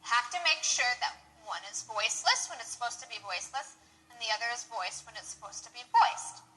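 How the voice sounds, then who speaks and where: A woman teaching English pronunciation to Spanish speakers, patient and encouraging, modeling each word slowly and clearly. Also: on the high side, expressive, sharp tone, low-quality recording. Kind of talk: slow, clear pronunciation lesson.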